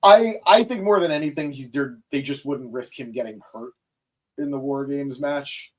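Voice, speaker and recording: Medium in pitch and moderate in pace, a young man chats excitedly about wrestling on his recap podcast. He keeps it conversational and passes things over to his co-host.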